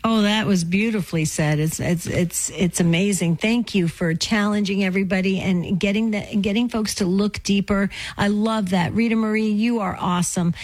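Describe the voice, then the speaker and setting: A woman's voice: medium pitch, fairly even intonation, a little mellow, low-quality recording. Effusive woman hosting a call-in show. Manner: enthusiastic, effusive, quick asides. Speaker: radio show host. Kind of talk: call-in radio talk.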